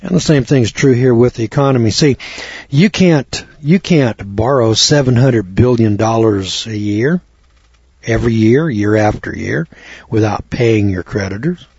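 Husky man lecturing, throat-clearing. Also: medium pitch, a little slow, a little mellow, dry recording. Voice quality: clears throat often, repeats words. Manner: homespun, storytelling, cautionary. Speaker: instructor. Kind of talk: folksy lecture. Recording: dull lo-fi recording.

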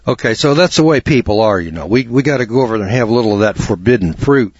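A man's voice: mid-range voice, expressive, fast, husky, no room sound, lo-fi sound. A man hosting a talk radio show, rambling in a folksy, blunt way with lots of fillers and restarts.

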